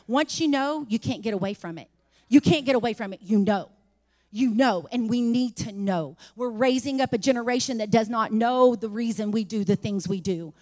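A woman preaching a sermon in a church, testifying and rising to fervent shouts. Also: a little high, moderate pace, long reverb tail. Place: church sanctuary.

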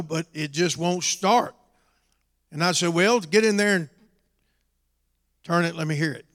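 A middle-aged man preaching a storytelling sermon in a church, dropping to a quiet telling voice and rising to shouts. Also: on the high side. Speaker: pastor. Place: church hall. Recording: long hall reverb.

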